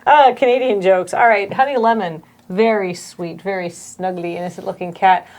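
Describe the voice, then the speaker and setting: A woman's voice: mid-range voice, darkish tone. A woman playing a storytelling card game on a stream, riffing jokes and laughing often into her own desk microphone. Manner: laughing, jokey and quick to riff. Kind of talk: playful improvised storytelling.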